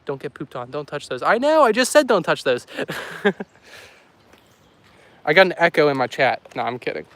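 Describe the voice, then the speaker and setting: A man's voice: fairly high pitch, very animated, normal speed, long pauses, a bit bright, no room sound. Chatty man livestreaming on a walk. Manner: rambling, joking, chatty asides to chat. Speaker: weather livestream host. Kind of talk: casual live-stream chat while walking. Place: outdoors by a road in the countryside. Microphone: handheld phone.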